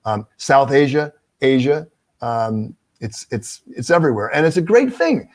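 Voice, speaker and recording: Animated man telling stories on a call. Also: mid-range voice, unhurried. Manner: animated storyteller, acts out dialogue. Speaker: TV news anchor. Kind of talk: casual video-call interview. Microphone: video call.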